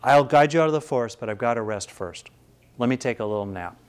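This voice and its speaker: A man voicing a gentle, compassionate male gorilla in a spoken story, talking calmly and plainly. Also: mid-range voice, quick pace, clean tone, close to an everyday voice. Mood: kindly.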